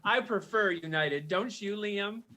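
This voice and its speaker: A man's voice: high voice, unhurried, sharp tone. A man co-hosting a virtual fundraising gala, sassy and teasing in campy banter.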